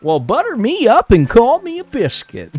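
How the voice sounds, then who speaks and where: A man voicing a folksy old Southern lady who drawls sugary quips in a much higher voice than his own. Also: huge pitch swings, normal speed, a little mellow, slightly rough, faint music behind, full character voice.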